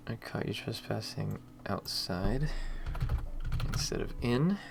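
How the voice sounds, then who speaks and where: A man's voice: on the low side, lively intonation, takes it slowly, gravelly. A man streaming his work as an indie game developer, chatting casually and muttering to himself as he codes and reads chat aloud. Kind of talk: casual live-stream commentary while working. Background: faint music and keyboard typing.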